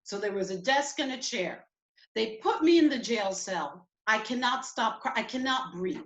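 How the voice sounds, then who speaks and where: A woman telling a personal story at a community event, emotional and halting. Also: a little high, lively intonation, roomy sound.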